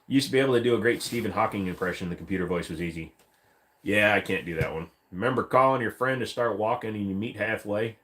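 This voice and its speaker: A man's voice: fairly low pitch, quick pace, fairly bright tone. A man from Northern Virginia chatting casually with his live stream viewers, swearing freely and slipping in and out of joke voices. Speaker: streamer answering chat.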